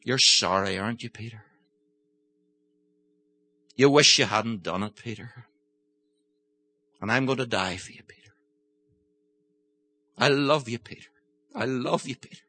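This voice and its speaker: A man voicing a gentle, grieving man who speaks softly and tenderly to a friend, repeating his name. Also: mid-range voice, a little slow, pauses often, pitched below the performer's own voice.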